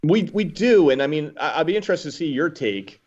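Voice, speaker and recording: A man's voice: fairly high pitch, lively intonation, fairly quick, darkish tone, lo-fi sound. A man, a former Marine, talking as a podcast guest and telling stories bluntly, with some swearing. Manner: blunt storyteller, swears freely. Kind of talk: casual conversation.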